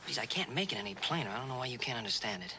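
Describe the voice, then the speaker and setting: An actor as a patient cowboy teaching signs. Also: male voice, mid-range voice, animated, background noise, lightly acted. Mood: coaxing. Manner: slow, coaxing, repeating words gently. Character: patient young Western cowboy teaching a deaf girl. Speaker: teacher of sign language to a deaf girl.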